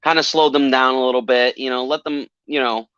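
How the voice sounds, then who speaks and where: A man's voice: mid-range voice, fairly even intonation, a little fast, a bit bright, clean tone, no echo. A man co-hosting a casual call-in show, talking in a chatty, rambling way with lots of fillers and restarts. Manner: chatty, repeats himself, many fillers. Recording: dull lo-fi sound.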